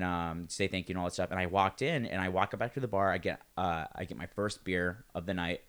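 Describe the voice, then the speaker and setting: Man, comedian, casual chat, animated storytelling, low pitch. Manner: animated storytelling, acting out quoted voices. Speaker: stand-up comedian.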